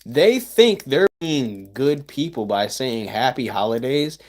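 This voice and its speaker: Slow-talking streamer guy, rambling. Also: medium pitch, sing-song, darkish tone. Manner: rambling, stammers, sarcastic asides. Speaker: livestreamer. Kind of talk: casual livestream chat with viewers.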